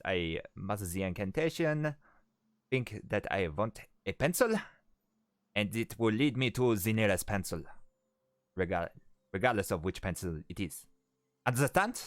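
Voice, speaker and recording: A man's voice: fairly low pitch, dry recording, studio quality, close to an everyday voice. A man voicing an anxious, polite wizard who specializes in divination, speaking formally and fretfully.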